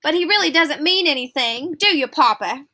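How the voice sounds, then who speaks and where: A woman's voice: high voice, expressive, moderate pace, bright, forceful tone. A woman voicing a motherly woman who fusses over a child and scolds her teasing father. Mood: gentle. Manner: fussing, scolding then coaxing. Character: motherly woman, fussing and caring.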